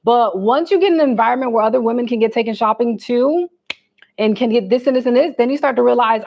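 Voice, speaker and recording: A young adult woman hosting a casual livestream, chatting straight to her viewers in animated, slangy talk. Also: on the high side, quick pace, vocal fry, lo-fi sound. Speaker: livestream host.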